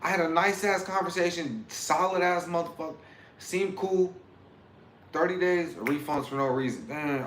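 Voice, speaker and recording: A man's voice: fairly high pitch, normal speed, slight background noise. A man livestreaming who chats casually and profanely, rambling and breaking into freestyle rapping. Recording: roomy sound with loud music.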